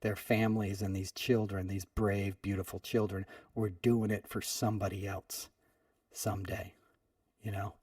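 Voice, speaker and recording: A male podcast host tells a long personal story in a loose, conversational way, dotting his sentences with "you know" and "right?". The sound is dry and flat, and he sits a bit back from the mic. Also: lowish voice, normal speed, husky, no room sound, far from the mic. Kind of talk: storytelling monologue.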